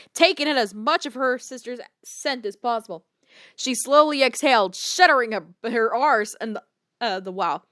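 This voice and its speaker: A woman's voice: on the high side, fairly bright tone, dry recording, clean studio sound. A woman reading a story aloud for laughs, stumbling over words and breaking into disbelieving reactions. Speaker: fanfiction reader. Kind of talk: comedic read-aloud with reactions.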